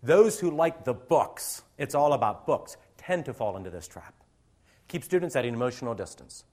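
A man's voice: mid-range voice, big pitch swings, moderate pace, a little mellow. A middle-aged male teacher giving a conversational lecture to other teachers, acting out little classroom scenes as he goes.

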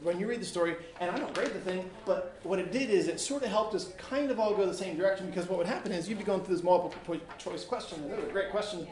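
Male teacher, high voice, reads a story aloud to the class with chatty asides, echoey classroom. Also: fast, few pauses, a little mellow. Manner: casual, chatty asides between passages. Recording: echoey room with faint noise.

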